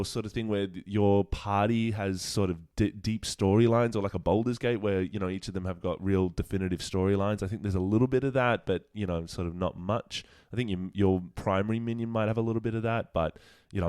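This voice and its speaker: A man's voice: lowish voice, darkish tone, no echo, studio quality. A man co-hosting a casual gaming podcast, rambling with many fillers. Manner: rambling, many fillers like "you know" and "sort of". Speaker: podcast co-host.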